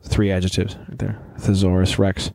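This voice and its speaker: A man's voice: low-pitched, monotone, moderate pace, vocal fry, mellow, dry recording. Joking, rambling man on a dry mic. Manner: rambling, joking, lots of fillers. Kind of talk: casual chat.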